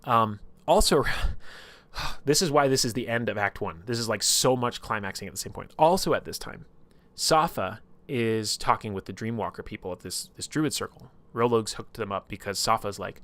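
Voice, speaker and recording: A man's voice: on the low side, normal speed, fairly bright tone. A man casually recapping his tabletop campaign on a stream, rambling and full of filler words. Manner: rambling, filler-heavy, lots of "like".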